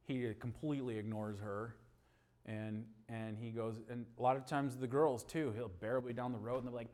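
In this fairly quick sermon, a man swings between loud, emphatic passages and quiet, low stretches. He weaves in homely stories about his dog and his family.

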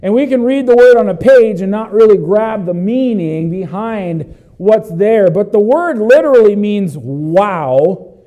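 A man preaching a sermon as pastor, walking through a Bible passage and breaking into loud exclamations. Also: high voice, lively intonation, unhurried, narrow, tinny audio.

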